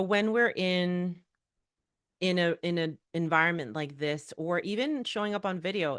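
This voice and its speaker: Woman, middle-aged, workshop speaker; low voice, conversational and candid, dry close mic. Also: a bit bright, no room sound. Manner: candid, conversational, with frequent fillers and rhetorical questions. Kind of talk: personal storytelling talk to an audience.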